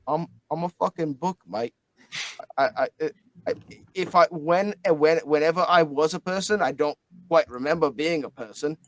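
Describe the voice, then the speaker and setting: A man's voice: a little high, normal speed, natural voice, poor audio. A man voicing a crude male spirit trapped in a book, with a put-on Australian accent. He swears a lot and calls everyone mate. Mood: exasperated. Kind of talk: tabletop game character voice.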